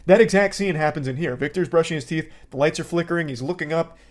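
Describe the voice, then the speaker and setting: A man's voice: fairly high pitch, fast talker. A man, an online movie reviewer, ranting in a sarcastic, exasperated and profane style. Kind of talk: casual ranting commentary.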